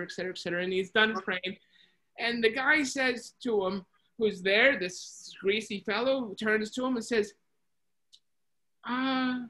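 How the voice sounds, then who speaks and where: Bright, chatty storyteller on a video call. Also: medium pitch, low-quality recording. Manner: lively, chatty retelling with many restarts and voices. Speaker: Bible study leader. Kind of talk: storytelling in a Bible study.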